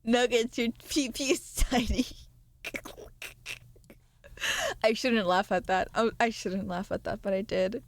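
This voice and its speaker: A woman's voice: fairly high pitch, fairly even intonation, slow pace, long pauses, a little hiss or hum. A young adult woman streamer in casual live-stream chat, bantering with viewers, reading their messages aloud, laughing often and swearing freely.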